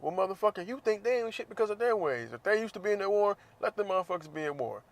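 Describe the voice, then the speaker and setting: A man's voice: high-pitched, very animated, fast, few pauses. Blunt, cussing man. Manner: blunt, swears often, laughs between points. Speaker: podcast host. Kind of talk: casual profane monologue.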